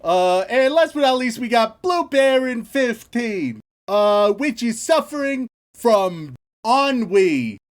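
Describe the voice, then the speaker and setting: A man's voice: very high-pitched, big pitch swings, takes it slowly, few pauses. A man co-hosting a podcast in casual comedic chat, teasing his partner as he runs a game segment. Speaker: podcast co-host.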